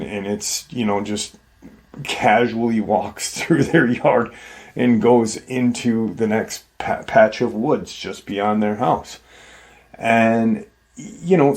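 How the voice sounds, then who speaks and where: A man's voice: fairly low pitch, a little mellow. A man hosting a show, retelling a story in a casual, rambling way full of "you know" fillers. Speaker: host.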